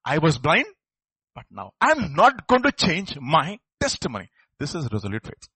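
A man's voice: a little high, wildly swooping pitch, moderate pace, sharp tone, slightly rough, dry recording. A man preaching a sermon, acting out quoted voices and building to emphatic outbursts. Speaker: pastor.

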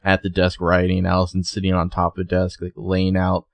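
A man's voice: low voice, monotone, vocal fry, dry recording. A man co-hosting a casual podcast, retelling scenes and quoting characters. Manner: retells scenes with quick quoted voices. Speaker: podcast co-host recapping a TV episode. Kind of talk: casual chat.

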